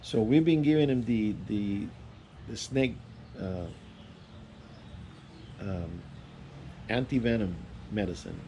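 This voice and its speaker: A man telling a personal story in a casual, rambling way, with halting restarts and fillers. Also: lowish voice, background noise. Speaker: vlogger.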